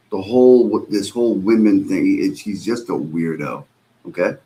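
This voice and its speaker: A man's voice: low-pitched, moderate pace, dark tone. A man hosting a live stream, reacting to clips with exasperated, sarcastic, profane commentary. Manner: exasperated, sarcastic, swears a lot.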